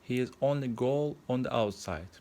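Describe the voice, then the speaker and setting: A man voicing a small, gentle male bird in a plainly read storybook. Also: mid-range voice, normal speed, close to an everyday voice.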